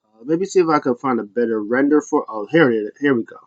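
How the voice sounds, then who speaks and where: A man's voice: medium pitch, fast talker, dry recording, lo-fi sound. A man casually recapping a wrestling show, rambling with restarts and small chuckles.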